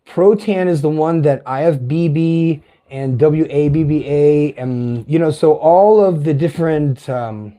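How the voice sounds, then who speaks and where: A man's voice: measured pace, few pauses, dark tone. Man in his fifties with a light tenor. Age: 50s. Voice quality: light tenor voice, not deep. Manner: meandering, profane, chatty with self-corrections. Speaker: vlogger. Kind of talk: casual rambling monologue.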